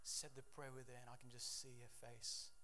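A man preaching a sermon, rising to loud, forceful declarations and dropping to quiet, hushed storytelling. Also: medium pitch, monotone, moderate pace, slight background noise. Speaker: pastor.

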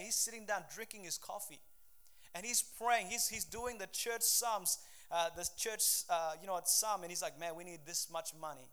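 A middle-aged pastor preaching a sermon in a fervent, conversational way, with frequent restarts. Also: male voice, high-pitched, pushed and bright.

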